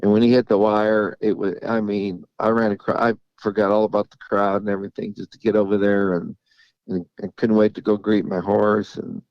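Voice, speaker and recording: Gravelly middle-aged man, halting storyteller. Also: on the low side, level tone, no echo. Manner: halting, repeats words, laughs while telling stories. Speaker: racehorse trainer. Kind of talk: casual interview storytelling. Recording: dull lo-fi audio.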